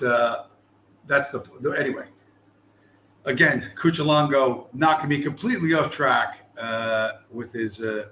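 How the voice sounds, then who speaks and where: A man's voice: medium pitch, a bit bright, slight background noise. A man from the US East Coast hosting a casual livestream, telling stories in a rambling, profane way and often losing his train of thought. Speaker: livestream host. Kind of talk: casual storytelling chat. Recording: roomy with faint ambience.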